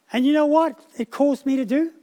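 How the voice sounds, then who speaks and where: A man's voice: extremely high pitch, mellow. A man preaching a sermon, telling a personal story with frequent restarts and repeated words.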